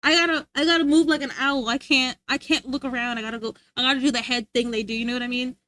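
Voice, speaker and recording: Giggly high-voiced woman streamer. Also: fairly even intonation, fast, bright, forceful tone, dry recording. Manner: rambling, giggly, reads chat aloud. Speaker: livestreamer. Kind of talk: casual live-stream chat.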